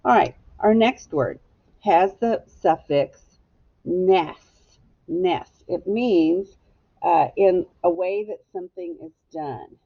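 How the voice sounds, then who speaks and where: Casting: woman teacher, husky and a bit low, patient, lo-fi recording. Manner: slow, clear, patient teacher talk. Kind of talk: phonics lesson for children.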